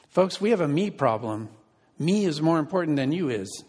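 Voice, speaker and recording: A man's voice: mid-range voice, lively intonation, brisk, darkish tone. A man preaching a sermon as pastor and counselor, conversational and asking the congregation questions. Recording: reverberant hall.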